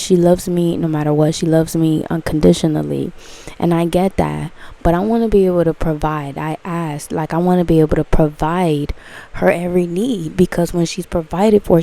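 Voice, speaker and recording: A woman rambling in a casual, gushing monologue to camera, full of fillers and swearing. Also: gravelly. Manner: breaks into excited high exclamations. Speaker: vlogger.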